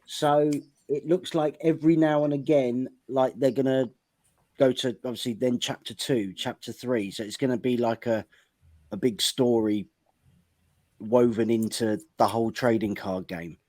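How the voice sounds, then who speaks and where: A British man with a middle-pitched voice hosts a podcast and explains things casually, circling back over his own phrases. The recording is dry and close. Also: steady tone, moderate pace, a little mellow, no room sound. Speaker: podcast host. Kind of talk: casual chat.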